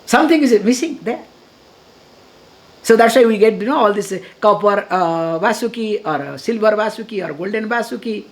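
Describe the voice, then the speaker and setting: A middle-aged woman with an Indian accent, a spiritual teacher giving a scripture discourse, animated and chuckling, acting out dialogue and chanting Sanskrit verses slowly. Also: mid-range voice.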